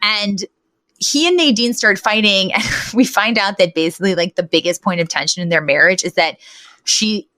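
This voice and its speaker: A woman co-hosting a podcast, casually retelling a sitcom episode with animated storytelling, acting out the characters' lines and laughing often. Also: mid-range voice, normal speed, no room sound. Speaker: podcast co-host. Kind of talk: casual recap chat.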